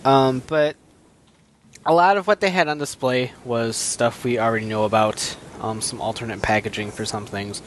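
A man's voice: mid-range voice, normal speed, slight background noise. Laid-back man rambling through news. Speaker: podcast co-host. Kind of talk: casual chat.

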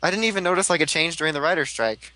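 Enthusiastic male podcast co-host, bright tone, slightly high pitch. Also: racing, no room sound. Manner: enthusiastic, laughing often, acts out quotes. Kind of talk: casual fan chat.

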